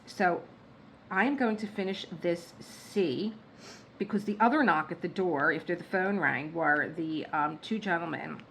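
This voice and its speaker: A woman vlogging from her home workspace, telling stories in a chatty, animated way and laughing at her own jokes. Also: on the low side, measured pace, slight background noise, low-quality recording. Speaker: diamond painting vlogger. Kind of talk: casual storytelling chat.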